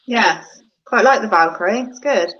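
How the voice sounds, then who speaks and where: A woman's voice: mid-range voice, animated, moderate pace, a bit bright. Blunt Devon woman on a lo-fi call. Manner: blunt, swearing, mocking. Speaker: arm wrestler guest. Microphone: video call. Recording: dull lo-fi call with crowd behind.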